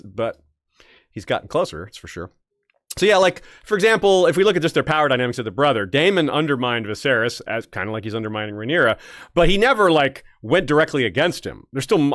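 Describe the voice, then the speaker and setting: A man's voice: mid-range voice, fairly bright tone, no room sound, clean studio sound. A man co-hosting a casual discussion show, rambling with restarts and frequent laughs. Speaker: podcast co-host.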